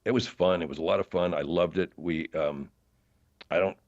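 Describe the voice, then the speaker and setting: A man guesting on a podcast, an actor telling long casual stories in a rambling, animated way, full of fillers and restarts. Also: low voice, normal speed, dull audio. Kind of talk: casual interview storytelling.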